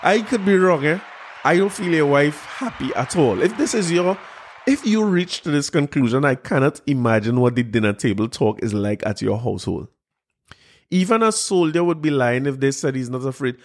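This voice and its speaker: A fairly high-voiced man, reading out a news story and ridiculing it line by line. His voice is incredulous and sarcastic, full of mocking questions. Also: animated, normal speed. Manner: incredulous, sarcastic, laughing at what he reads. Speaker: commentator reacting to a news article.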